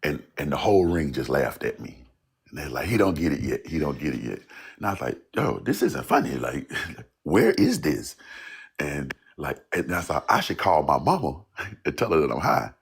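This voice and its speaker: Deep husky man telling a wild story. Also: brisk. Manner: animated, laughing, swearing, acting out quotes. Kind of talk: casual storytelling.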